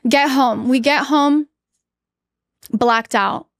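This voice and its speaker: A woman guest earnestly telling a personal story in a podcast interview, halting often with restarts and fillers. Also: sits high, dry recording.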